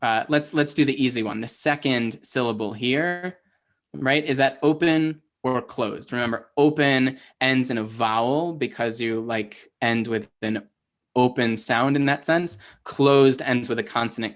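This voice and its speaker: A man's voice: medium pitch, a little slow. A man teaching an online class, explaining step by step, quizzing his learners and using many fillers. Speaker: Hebrew teacher.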